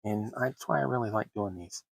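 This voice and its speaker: A man with a lowish, gravelly and slightly husky voice talks casually as he works on a hobby crafting stream. He keeps up wry, self-deprecating asides, and the sound is dry and close. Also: fairly quick, dry recording, rough recording. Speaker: terrain crafting livestream host. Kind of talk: casual running commentary while crafting.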